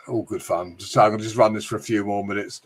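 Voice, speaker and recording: A man's voice: fairly low pitch, fairly even intonation, fairly quick, a bit bright, slightly rough. A British man hosting a casual livestream, greeting chat viewers and joking with frequent swearing and laughter. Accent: British English. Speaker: livestream host reading chat.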